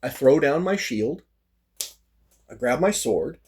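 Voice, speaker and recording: A man with a husky, slightly breathy voice spins a casual personal story, sitting at a middling pitch. He talks in an animated way, with frequent fillers, and acts out the lines of the people in it. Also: slow pace. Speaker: storyteller recounting a fighting practice.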